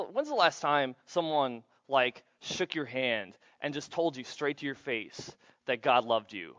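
A man preaching a sermon as pastor, playful and animated, acting out little scenes for the congregation. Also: mid-range voice, dry recording, lo-fi sound.

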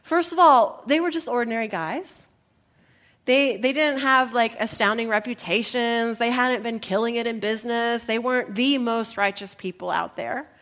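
A woman pastor reading scripture and preaching a sermon, animated and playful as she acts out the disciples in asides. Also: fairly high pitch, normal speed.

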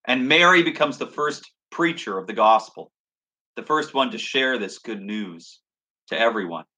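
A man's voice: on the low side, pushed and bright. A man preaching a sermon, reading scripture aloud and reflecting on it in an earnest, thoughtful way. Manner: earnest, reflective, reads scripture then expounds.

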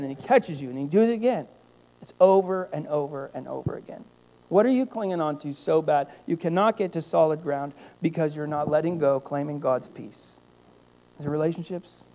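A man preaching a sermon, telling a family story with lively acted-out voices. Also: on the high side. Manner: animated storytelling, acting out voices. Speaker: pastor.

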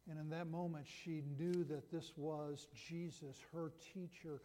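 A man's voice: a little high, little pitch movement, unhurried, dark tone. A man preaching a sermon that retells a Bible story, talking in a conversational way with frequent restarts. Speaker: pastor. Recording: long hall reverb.

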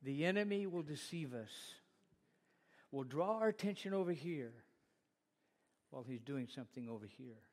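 A man's voice: mid-range voice, expressive, moderate pace, long pauses. A middle-aged male pastor preaching a sermon, talking straight to the congregation with rhetorical questions and retold stories.

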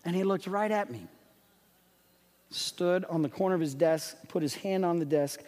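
A man preaching a sermon as pastor, animated and emphatic, telling stories to his congregation. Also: high voice, moderate pace. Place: church sanctuary. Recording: long reverb of a church sanctuary.

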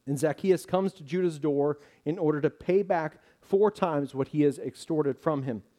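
Mellow-voiced man preaching a sermon. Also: on the high side, moderate pace.

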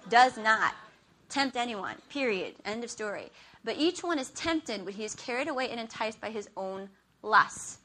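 A woman's voice: a little high, expressive, moderate pace, sharp tone. A woman giving a conversational Bible teaching into a handheld mic. She keeps checking in with "okay?" and acts out everyday scenes. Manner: chatty, checks in with "okay?" often.

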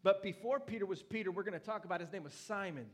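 A young adult man preaching a sermon in a church, animated and playful, with loud and soft swings as he talks. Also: sits high, quick pace. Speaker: pastor.

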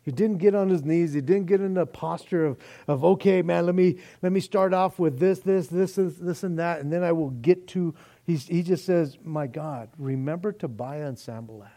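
A male pastor preaching a sermon in a lively, animated way, acting out quoted speech and often saying "man". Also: high-pitched, moderate pace, hardly any pauses.

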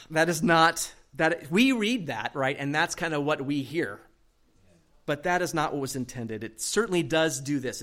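A man preaching a Bible sermon in a fairly high voice. He reads verses aloud and explains them with animated rises and quiet, pointed drops for emphasis. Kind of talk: sermon teaching from scripture.

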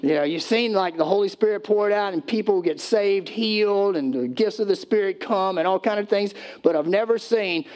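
Male pastor, slightly high voice, conversational preaching with playful acted-out voices. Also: normal speed, hardly any pauses, darkish tone. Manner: conversational preaching, acts out pleading voices, loose restarts. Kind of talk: sermon.

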